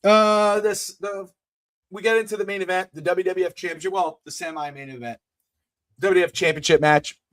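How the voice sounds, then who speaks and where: A man co-hosting a wrestling podcast in casual chat, blunt and excitable, dropping to mutters and rising to near shouts. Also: high-pitched, moderate pace. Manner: profane, blunt opinions. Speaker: podcast co-host.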